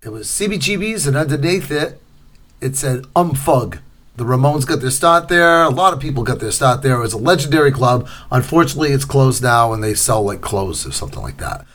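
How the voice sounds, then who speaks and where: A man's voice: mid-range voice, animated, a little fast, a bit bright. A man co-hosting a podcast in easygoing casual chat, laughing often and drawing out his trivia setups. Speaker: podcast co-host.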